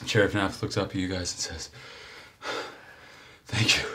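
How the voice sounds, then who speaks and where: A man's voice: low voice, little pitch movement, quick pace, a bit bright. A man narrating a tabletop game as game master, telling the story with fillers and laughs.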